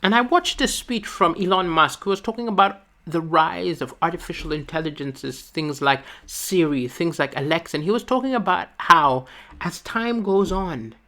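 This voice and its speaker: A woman from Malawi performs a stand-up set from her home. She tells her stories in a quick, animated way, with frequent asides. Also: on the low side. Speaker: stand-up comedian. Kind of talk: stand-up comedy. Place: at home, alone.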